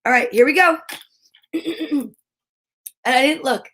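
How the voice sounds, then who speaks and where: A high-pitched woman chats in a bright, bubbly way as she hosts a live stream. She greets viewers by name and talks to them in a friendly, casual tone. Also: slow, pauses often. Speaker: host.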